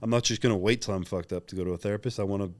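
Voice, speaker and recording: A man's voice: lowish voice, fairly even intonation, rapid-fire, no echo. A young man talking openly and reflectively as a podcast guest, rambling with many fillers in casual interview chat.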